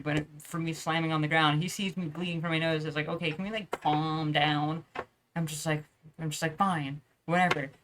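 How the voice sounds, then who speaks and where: A woman's voice: low voice, a bit bright. Young woman rambling through a story. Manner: profane, slangy, lots of filler words. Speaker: vlogger.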